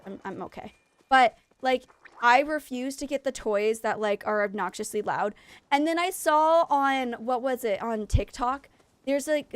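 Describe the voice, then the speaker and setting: A mother and former teacher streams a game while chatting casually with viewers. Her slightly high voice is animated and rambling, packed with fillers.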